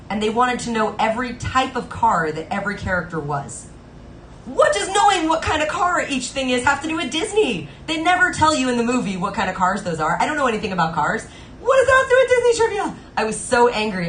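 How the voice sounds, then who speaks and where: A woman's voice: mid-range voice, fairly bright tone, a little hiss or hum. A woman hosting a live stream, chatting playfully between songs and laughing often as she tells stories. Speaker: livestream singer and host. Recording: roomy sound with guitar playing behind.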